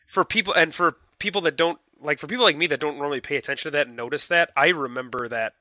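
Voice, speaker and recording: A man's voice: on the high side, fast, sharp tone. A young man co-hosting a casual gaming podcast, explaining his points earnestly with hedges and repeated phrases. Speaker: podcast co-host. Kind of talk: casual chat.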